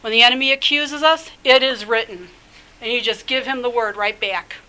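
Fervent high-voiced woman preaching. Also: brisk, bright, forceful tone, smooth, rough recording. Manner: fervent, exhorting, with many restarts and filler phrases. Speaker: rabbi preaching a podcast teaching. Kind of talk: sermon.

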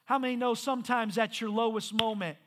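A man's voice: extremely high pitch, steady tone, fairly quick, a bit bright. A man preaching a sermon, talking conversationally, then building to emphatic preaching, with some stumbles. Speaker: pastor.

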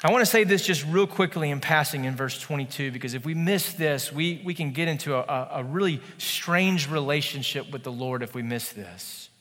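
A man in his thirties preaching a sermon in a church, conversational and animated, with playful asides. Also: a little high, normal speed, hardly any pauses, in a large hall. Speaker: pastor.

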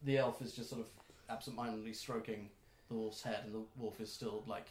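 A man running a tabletop game as game master, narrating with many fillers and pauses. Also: fairly low pitch, steady tone, a little mellow, slight background noise. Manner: rambling with fillers, puts on gruff voices. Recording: roomy echo.

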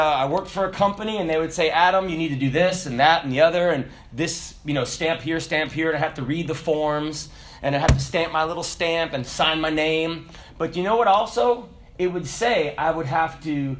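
A man preaching a sermon, emphatic and animated, with dramatic pauses. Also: a little high.

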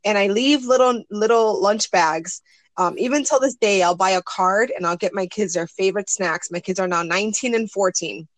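A woman's voice: mid-range voice, moderate pace, dry recording. A woman in her forties, a guest in an interview, telling a personal story earnestly and acting out what others said. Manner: earnest, storytelling, acts out quoted voices. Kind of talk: casual interview conversation.

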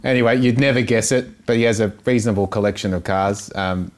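A low-voiced man talks about his business in a relaxed interview. He speaks casually and hesitantly, filling gaps with plenty of you-knows. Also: fairly quick. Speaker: business founder guest. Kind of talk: casual chat.

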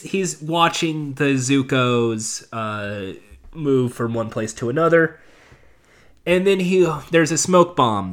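A man's voice: mid-range voice, a bit bright. A man casually recapping a TV episode, rambling with sarcastic asides. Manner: rambling, with many fillers and restarts. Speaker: show reviewer.

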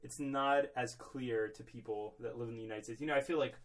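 A young man co-hosts a podcast from a small closet, rambling in a mock-serious, comedic way with plenty of filler words. His voice is medium-pitched, fairly quick and fairly even in intonation.

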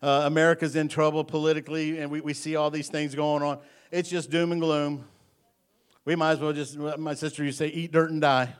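Preacher guy in church, voice on the higher side, jokey and folksy, hammers lines over and over. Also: little pitch movement, brisk, clean tone. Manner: folksy, joking, rising to emphatic repetition. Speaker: pastor. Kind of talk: sermon.

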